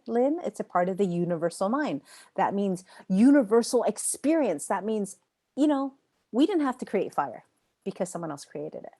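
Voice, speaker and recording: A woman's voice: medium pitch, mellow. A woman teaching a live online yoga training class. She talks in an emphatic, chatty way, repeats phrases for effect and answers students' typed questions by name.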